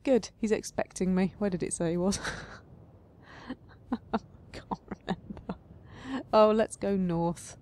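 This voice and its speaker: A woman's voice: mid-range voice, fairly even intonation, normal speed, hardly any pauses, mellow. A woman hosting a game playthrough, reading the text aloud and adding playful, self-mocking asides. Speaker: let's play host.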